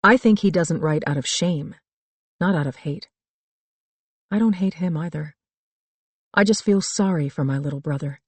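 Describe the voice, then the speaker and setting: A middle-aged woman narrating a first-person thriller audiobook in a calm, reflective storytelling manner. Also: low voice, normal speed, long pauses, breathy edge, no room sound. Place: dry studio booth.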